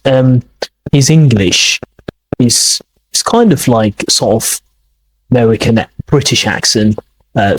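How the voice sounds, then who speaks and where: A man hosting an English podcast lesson, explaining slowly and repeating words to model their pronunciation. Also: mid-range voice, a little hiss or hum, poor audio. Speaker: English teacher, podcast host. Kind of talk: accent lesson commentary.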